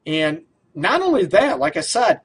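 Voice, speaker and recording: A man's voice: a little high, big pitch swings, unhurried, slightly rough. Rambling, chuckling male radio host. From Detroit area. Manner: rambling, full of fillers, laughs often. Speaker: radio show host, relationship counselor. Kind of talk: casual radio talk.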